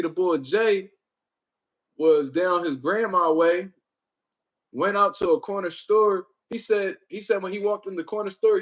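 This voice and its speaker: High-pitched guy rambling on his livestream, swears a lot, tells stories all animated. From Puerto Rico. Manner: profane, animated storytelling with repeated words. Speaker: livestream host. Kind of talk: casual livestream chat.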